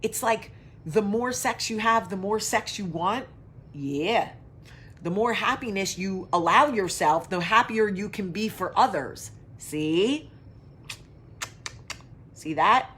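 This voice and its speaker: This woman speaks at medium pitch, animated yet slow, with long pauses and a slightly bright tone, over a little hiss or hum. On her own casual talk show she chats loosely to viewers, wanders between tangents, swears freely and answers comments.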